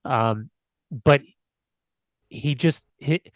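A man's voice: medium pitch, drawn-out words, no echo. A man co-hosting a football podcast, talking in a loose, conversational way and searching for words. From United States. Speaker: podcast co-host. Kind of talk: casual football podcast chat.

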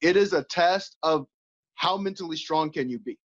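A man's voice: a little high, moderate pace. A man who fights and coaches, talking candidly as an interview guest and acting out quoted voices with laughs. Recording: slightly dull, lo-fi sound.

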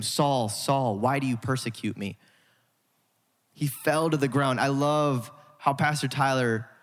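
A male pastor preaching a sermon in an emphatic style with dramatic pauses, in a church sanctuary. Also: fairly high pitch. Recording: hall reverb.

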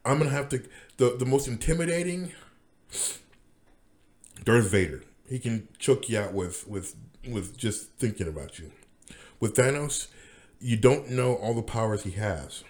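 A man's voice: medium pitch, lively intonation, a little slow, darkish tone. A man rambling through a casual monologue as podcast host, with many restarts and fillers.

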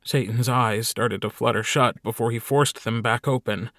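A man's voice: medium pitch, fairly even intonation, moderate pace, a bit bright, dry recording, clean studio sound. A man reading a short story aloud as an audiobook narrator. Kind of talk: scripted narration.

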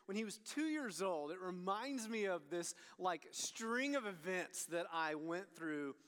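A man, preaching a sermon as an animated storyteller who swings between loud and hushed. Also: high-pitched, unhurried, smooth. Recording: long hall reverb.

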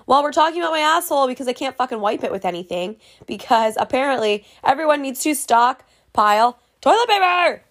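A woman's voice: sits high, lively intonation, fairly quick, hardly any pauses, fairly bright tone. A young woman casually ranting to camera in a vlog, profane and exasperated. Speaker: vlogger.

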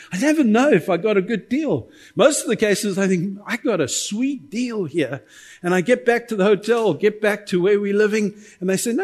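A man preaching a sermon in a noticeably high, light voice. He is middle-aged and animated, and he keeps prompting the congregation to answer him with amens. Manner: lively, calls on the congregation for amens. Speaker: pastor.

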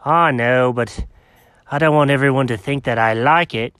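A man voicing a proud, sulky male house cat who grumbles in a low, put-upon way. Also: normal speed, a bit bright, clean tone, dry recording, studio quality, lightly acted. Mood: grudging.

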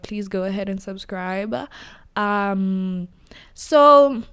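This is a casual solo podcast: a young woman in her new studio talks with a medium-pitched voice that is clear and resonant. She keeps laughing at herself and over-explains as she goes.

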